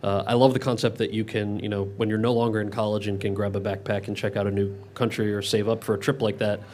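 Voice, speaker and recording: A man in his thirties, an actor answering audience questions in a relaxed Q&A, often restarting his sentences. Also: on the low side, a little hiss or hum. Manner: talks fast with many quick restarts. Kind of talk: casual Q&A answers.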